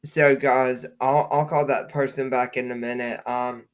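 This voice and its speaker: A man hosts a casual podcast in a mid-pitched voice. He talks slowly and loosely, circling back on his words and filling the gaps with ums and likes. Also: level tone, soft background music. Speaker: podcast host.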